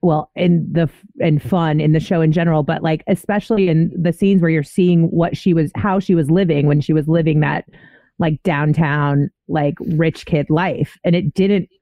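A woman's voice: sits low, steady tone, moderate pace, no echo, lo-fi sound. A woman guest on a podcast in casual chat, rambling with lots of "like" and restarts. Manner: rambling, many likes and restarts.

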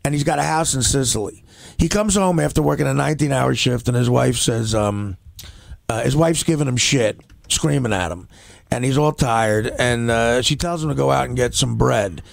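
A man's voice: mid-range voice, normal speed, gravelly, dry recording. A male comedian guest on a talk show, telling rambling anecdotes and acting out the people in them. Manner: rambling anecdotes, acts out other people's voices.

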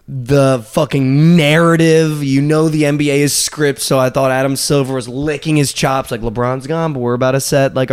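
A young man co-hosting a podcast, chatting casually and telling stories in animated bursts, swearing freely. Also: fairly high pitch, clear, resonant tone. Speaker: podcast co-host. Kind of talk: casual sports chat.

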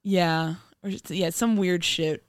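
A woman's voice: lowish voice, steady tone, slow pace, no echo. A playful young woman talks through an old film with her co-host, breaking into laughter every few lines. She sits close to the microphone in a dry, deadened space with no room sound at all. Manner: giggly, laughs often, playful. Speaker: podcast co-host. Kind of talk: casual movie chat.

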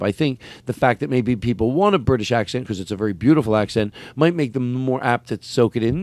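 A man hosting a casual chat, rambling and animated, with many restarts. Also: mid-range voice, fast talker, hardly any pauses, dry recording.

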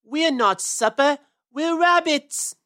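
A frightened young boy rabbit, put on by a woman reading aloud, high and piercing. He wails and panics, as in a storybook reading. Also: slow, fairly bright tone. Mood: defiant. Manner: wailing, panicky.

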